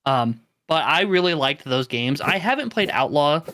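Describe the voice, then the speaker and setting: A man's voice: a little high, lively intonation, normal speed, pushed and bright, dry recording, clean studio sound. A man co-hosting a gaming podcast, chatting casually and enthusiastically with lots of fillers. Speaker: podcast co-host. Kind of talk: casual chat.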